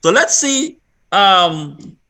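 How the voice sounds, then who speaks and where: A man leads a virtual workshop over a video call. His voice sits a little high and rings bright. He explains step by step, repeating himself and restarting his sentences often. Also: very animated, very slow. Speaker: workshop presenter.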